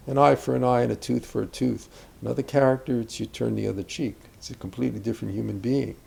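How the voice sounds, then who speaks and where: An older man explains acting craft in an easy, meandering interview manner, full of asides and restarts. His voice is deeply gravelly and husky, with a dark, mellow tone. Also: fairly even intonation, fast. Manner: reflective, rambling with asides and restarts. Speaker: acting teacher. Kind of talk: conversational interview about acting.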